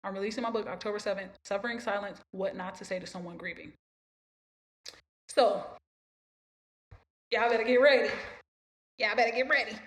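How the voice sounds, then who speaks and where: A woman's voice: medium pitch, moderate pace, long pauses. A woman hosting a podcast, talking about her own life in an emphatic, repetitive way and preaching encouragement to listeners. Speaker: podcast host. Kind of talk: personal motivational talk.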